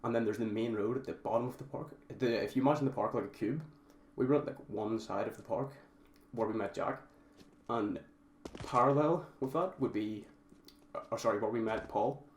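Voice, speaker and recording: A young male vlogger tells his viewers a story in a casual, rambling way, often addressing them as guys. His mid-range voice is brisk, and the recording has a roomy echo with faint background noise.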